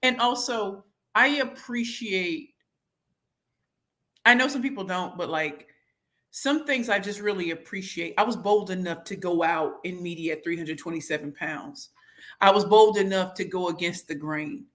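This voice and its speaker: Bright-voiced lively woman hosting a livestream. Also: lowish voice, moderate pace. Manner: lively, playful, bursts into sing-song and shouts. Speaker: livestream host reading comments. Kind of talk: casual live chat.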